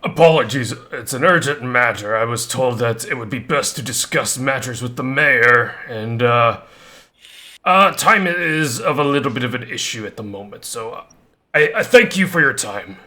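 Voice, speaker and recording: A man playing a stiffly polite orc, bright-toned. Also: medium pitch, animated, normal speed. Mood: courteous. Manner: stiffly courteous. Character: polite formal orc adventurer.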